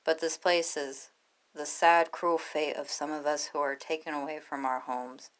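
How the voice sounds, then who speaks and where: A woman voicing a wise, wary captive dragon that speaks firmly and quietly in a read-aloud story. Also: sits low, little pitch movement, normal speed, natural voice, poor audio. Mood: solemn. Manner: firm, quiet and solemn.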